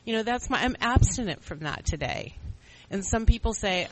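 A middle-aged speaker on a recovery meeting panel, giving an earnest, reflective personal testimony with halting restarts. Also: medium pitch, expressive, low-quality recording.

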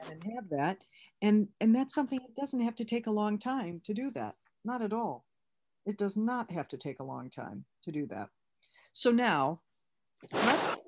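A woman's voice: mid-range voice, a little mellow. A woman leading an online recovery workshop, talking candidly and conversationally with many restarts.

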